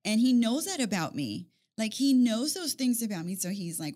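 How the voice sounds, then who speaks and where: A woman's voice: fairly high pitch, very animated, moderate pace, a little mellow. A woman in casual conversation, talking in long rambling runs with repeated words and frequent laughter. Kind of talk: casual chat.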